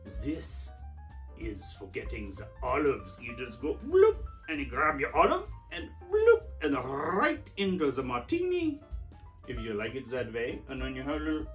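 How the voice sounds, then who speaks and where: Actor doing a hammy eccentric with a fake German accent, swooping wildly up and down; faint music under. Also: male voice, mid-range voice, huge pitch swings, normal speed. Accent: put-on German. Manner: hammy, theatrical, scolds a doll. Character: eccentric man showing odd old gadgets. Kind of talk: comic sketch character.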